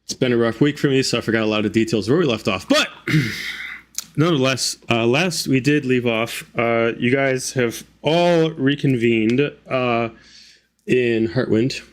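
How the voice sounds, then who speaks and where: A man hosting as dungeon master in a tabletop game, talking casually with halting speech full of fillers. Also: mid-range voice.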